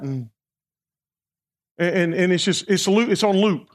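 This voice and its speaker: A man's voice: high voice, a little slow. A man preaching a sermon as pastor, talking to the congregation in a conversational way, repeating words and asking them questions.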